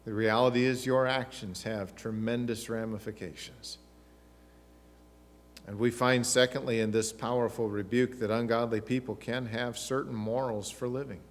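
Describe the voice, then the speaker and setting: A man's voice: mid-range voice, steady tone, moderate pace. A middle-aged man, preaching a sermon as pastor with emphatic rhetorical questions and asides. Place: church sanctuary. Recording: long church reverb.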